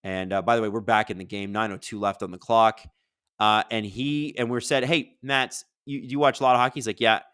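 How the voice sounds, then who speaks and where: A man with a lowish voice talks a little fast in a clean tone, recorded dry with studio quality. He hosts a live hockey watch-along, energetic and rambling, chatting casually, commentating on the game and reading viewer questions from chat aloud.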